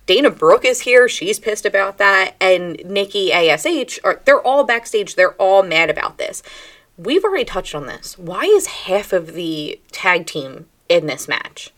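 A woman co-hosting a wrestling podcast, recapping the show in a blunt, animated, casual chat with occasional swearing. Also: medium pitch, a little slow.

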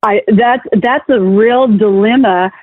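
A woman's voice: medium pitch, slow, dry recording. A woman minister being interviewed, speaking candidly in casual talk with frequent restarts. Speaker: guest minister. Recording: tinny phone-like call line.

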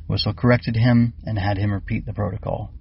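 Low gravelly male storyteller. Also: brisk, muffled recording. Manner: steady, plain reading. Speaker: author and audiobook narrator. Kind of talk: scripted storybook narration.

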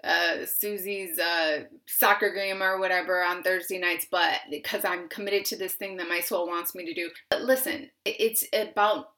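A woman's voice: lowish voice, steady tone, moderate pace, few pauses, sharp tone. A woman hosting a spiritual podcast, talking in a chatty, emphatic monologue full of "like"s and restarts, with the odd swear word. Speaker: podcast host.

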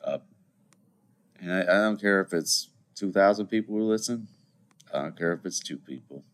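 A man's voice: deep voice, normal speed. A man in his twenties hosting a solo podcast, rambling chattily with joking asides to his listeners. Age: 20s. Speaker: podcast host. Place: seated at a computer indoors.

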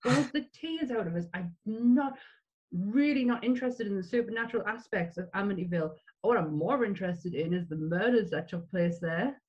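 A woman's voice: mid-range voice, lively intonation, normal speed, darkish tone, breathy edge. Brief: woman, podcast co-host, chatty, restarts a lot, dull lo-fi sound. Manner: chatty, many restarts and fillers. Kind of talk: casual film chat.

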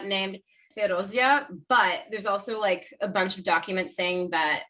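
A chatty woman with a bright, forceful tone rambles through her notes as a podcast co-host, often correcting herself mid-sentence. Her voice sits a bit back from the mic. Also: mid-range voice, recorded from a distance. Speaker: podcast co-host presenting the research. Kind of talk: casual chat.

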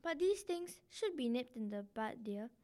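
A woman's voice: fairly high pitch, big pitch swings, a little slow, dark tone. A woman reading aloud as a worldly, meddling society lady who hints at intrigue in a gushing, insinuating way.

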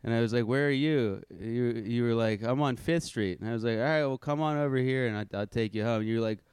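A young man telling a story on a casual podcast, animated and swearing, acting out what others said. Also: medium pitch, fast, clear, resonant tone, no echo, studio quality. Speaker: podcast host.

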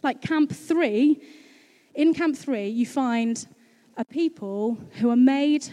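Bubbly high-voiced woman pastor. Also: takes it slowly, mellow. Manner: bubbly and chatty, laughing easily. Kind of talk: casual sermon to a congregation.

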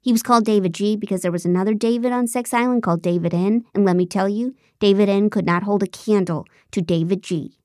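A woman's voice: medium pitch, fast, few pauses, no room sound, studio quality. Wry woman narrating a comic audiobook. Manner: wry, deadpan, sarcastic. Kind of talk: first-person comic narration.

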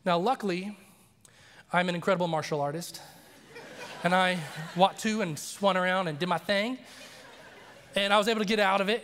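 A man preaching a sermon as a story, animated and acting out the voices he quotes. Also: a little high. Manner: animated, acts out quoted voices, laughs often. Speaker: pastor. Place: church sanctuary. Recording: long reverb of a large church hall.

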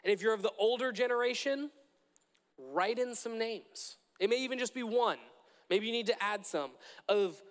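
Earnest young preacher with a high voice. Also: male voice, moderate pace, a bit bright, long reverb tail. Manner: earnest, repetitive, with frequent restarts. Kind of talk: sermon.

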